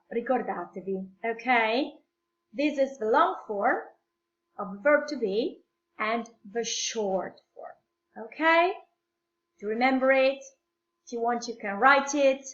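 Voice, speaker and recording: A woman English teacher with an Italian accent, explaining grammar slowly and patiently to young learners, repeating phrases and switching into Italian. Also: on the high side, fairly bright tone. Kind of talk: slow classroom explanation mixing English and Italian. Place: at home. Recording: echoey room, dull lo-fi sound.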